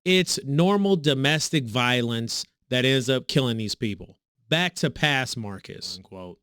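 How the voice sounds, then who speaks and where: A man hosting a reaction video, talking sarcastically and mockingly, with sudden high swoops in his voice. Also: unhurried, clean tone, no room sound, studio quality. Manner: sarcastic, mocking, animated pitch swings. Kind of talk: reaction commentary.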